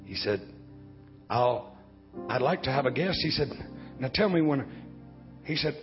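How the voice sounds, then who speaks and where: A man in his fifties preaching a sermon, swinging from low, quiet talk to loud shouting. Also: expressive, measured pace. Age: 50s. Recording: dull lo-fi recording with faint music.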